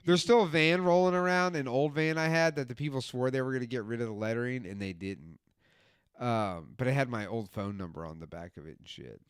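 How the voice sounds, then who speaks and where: A man's voice: mid-range voice, fairly quick, smooth, no echo, clean studio sound. A man telling loose, profane stories on a casual podcast, acting out what people said. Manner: profane, animated storyteller acting out quotes. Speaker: podcast co-host. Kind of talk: casual storytelling. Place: home podcast studio.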